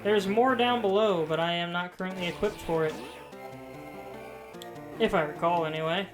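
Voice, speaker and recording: A woman's voice: fairly low pitch, moderate pace. A woman casually commenting on her own playthrough of a game, talking to herself with playful asides. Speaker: gaming commentator. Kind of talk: casual let's-play commentary. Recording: game music behind voice. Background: game music.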